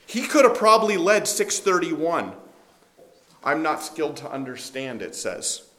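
A man's voice: on the high side, very animated, unhurried, bright, forceful tone. A man giving a conversational sermon, telling stories, acting out dialogue and asking his listeners questions. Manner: storytelling, acts out dialogue, asks the audience questions. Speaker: preacher. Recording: echoey room with faint background noise.

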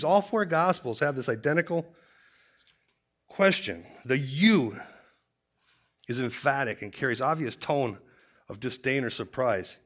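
A man's voice: mid-range voice, expressive, measured pace, pauses often, fairly bright tone. A man giving an expository Bible teaching who explains points step by step and often starts a point with "see". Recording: dull lo-fi recording.

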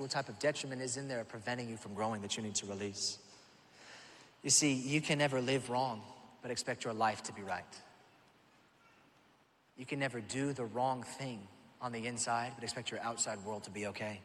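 Bright-voiced pastor with lively storytelling. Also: male voice, mid-range voice, in a large hall. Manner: animated storytelling with acted-out voices. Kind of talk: sermon. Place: church auditorium.

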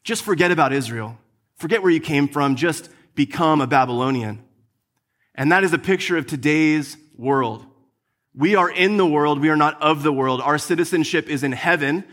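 Animated young man preaching a story. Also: fairly high pitch. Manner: animated storytelling, acts out his own frustration. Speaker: pastor. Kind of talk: sermon with personal story.

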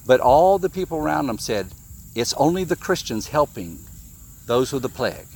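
A man's voice: medium pitch, big pitch swings, normal speed, darkish tone, husky. A man giving an informal sermon, reading scripture and asking his listeners questions, often repeating himself. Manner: conversational, questions the audience, repeats words. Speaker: preacher.

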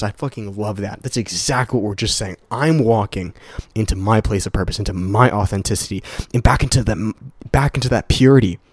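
Young male podcast host. Earnest, swears a lot, repeats himself for emphasis. Lowish voice, dry close sound. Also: brisk, slightly rough, no echo. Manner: speaks straight to listeners as "guys". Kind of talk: casual motivational solo podcast talk. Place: at home in a condo.

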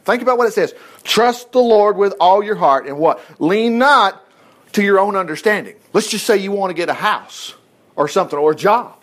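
Male preacher, conversational sermon, folksy and chatty, high voice with lively swings. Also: moderate pace. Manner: folksy, animated, self-interrupting, acting out scripture dialogue.

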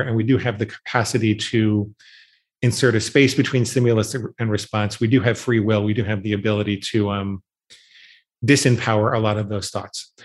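Earnest fifties man, interview guest, mid-pitched, repeats himself for emphasis. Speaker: guest, researcher on eating habits. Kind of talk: storytelling interview answers.

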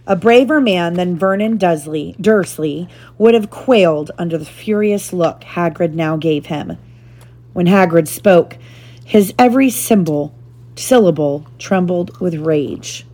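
A woman reading a chapter book aloud to her child in a steady, gentle narrating manner. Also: on the low side, unhurried.

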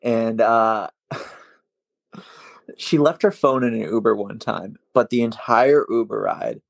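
A man's voice: medium pitch, slow pace, vocal fry, no room sound. A young man from Massachusetts, a podcast co-host telling stories in casual chat with lots of laughter and swearing. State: day drinking.

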